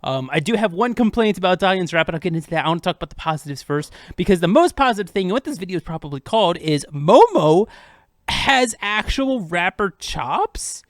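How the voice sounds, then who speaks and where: A man's voice: high-pitched, very animated, brisk, dry recording, clean studio sound. A young man hosting a casual, unedited music breakdown, chatting upbeat about rap flows with plenty of fillers. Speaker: host of a music breakdown channel.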